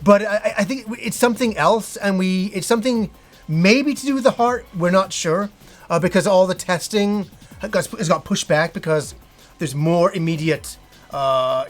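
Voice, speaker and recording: A middle-aged man, talking casually to his viewers and short of breath, with halting speech full of restarts. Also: fairly high pitch. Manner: halting, with frequent restarts and fillers. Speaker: gaming channel host. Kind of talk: casual personal talk to viewers.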